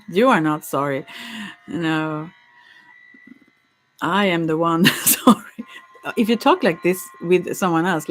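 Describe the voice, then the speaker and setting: Slow, giggly woman, musing aloud. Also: low-pitched. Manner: giggly, stammering, restarts often. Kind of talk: casual rambling monologue.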